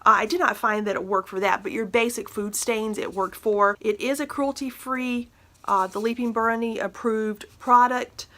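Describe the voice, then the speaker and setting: Middle-aged female vlogger, casual reviewer, bright tone, frank and talky. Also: a little high, fairly even intonation, moderate pace. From northern Minnesota. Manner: chatty, frank, with many fillers and restarts. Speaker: beauty and household product vlogger.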